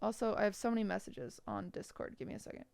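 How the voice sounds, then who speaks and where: A woman's voice: medium pitch, sing-song, fast, vocal fry, darkish tone. A young woman streaming live, chatting casually and giving frank, blunt design advice, sometimes swearing for emphasis. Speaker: streamer reviewing viewers' bedrooms.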